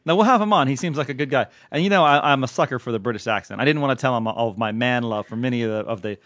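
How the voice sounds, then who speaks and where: A man's voice: mid-range voice, rapid-fire, fairly bright tone, no echo. A man hosting a podcast in casual chat, joking and rambling in a self-mocking way. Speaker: podcast host, TV critic.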